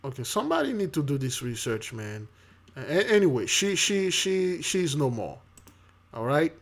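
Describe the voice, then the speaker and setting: A man giving casual spoken commentary with a preachy edge, halting often with fillers and restarts while reading news aloud. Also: a little high, very animated. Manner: preachy, addresses listeners as beloved.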